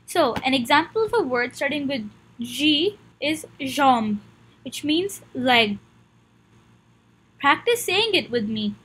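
A woman with a high voice gives a slow, patient French lesson. She says each word clearly and twice, pausing so the listener can repeat after her. She is recorded at home for an online lesson. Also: very animated, fairly bright tone, low-quality recording. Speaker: French teacher.

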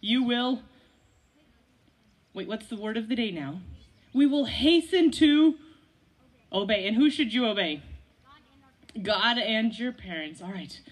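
A woman's voice: fairly high pitch, lively intonation, unhurried, long pauses. Playful woman leading kids outdoors. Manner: playful, laughing, coaching kids with questions. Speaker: children's story leader. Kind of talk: children's story at an outdoor church service. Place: outdoors by a gazebo.

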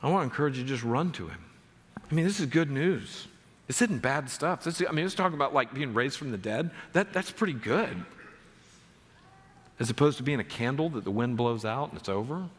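A man's voice: mid-range voice, expressive, a little fast, fairly bright tone, slightly rough. A man pastor preaching a sermon in a church, reading scripture aloud with earnest emphasis. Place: church sanctuary. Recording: long reverb of a church hall.

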